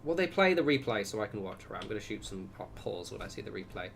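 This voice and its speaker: A man's voice: fairly low pitch, very animated, fast talker, gravelly, fairly bright tone, slight background noise. A man from Southwest England with a Southern English accent, chatting casually and rambling on a gameplay livestream, swearing now and then and reacting aloud. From England (Wiltshire, Southwest). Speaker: game streamer.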